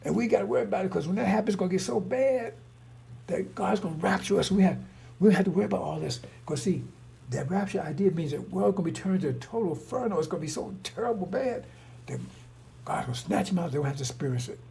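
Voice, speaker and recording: A man's voice: sits high, expressive, fast talker, vocal fry, mellow, breathy edge. A man giving an informal religious talk, rambling and repetitive, full of rhetorical questions. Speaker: preacher.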